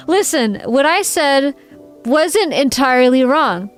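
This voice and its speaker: A woman's voice: on the high side, unhurried. A woman streamer in a casual livestream chat, playful and giggly, reading viewers' messages aloud. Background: faint background music.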